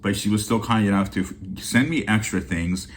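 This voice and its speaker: A deep-voiced man hosts a bargain-haul channel in a loose, casual vlog chat. He is teary-eyed and sincere, rambling and restarting his sentences as he talks straight to his viewers. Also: moderate pace, a little hiss or hum. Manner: heartfelt and rambling, with many restarts. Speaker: deal-hunting channel host.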